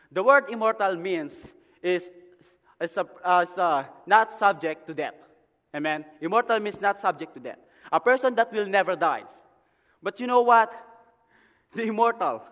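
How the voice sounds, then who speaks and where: A missionary preacher from the Philippines delivering a sermon, dotting his lines with "amen" and building to loud, emphatic passages. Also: high voice. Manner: repeats "amen" as a call to the congregation. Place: church sanctuary. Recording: long hall reverb.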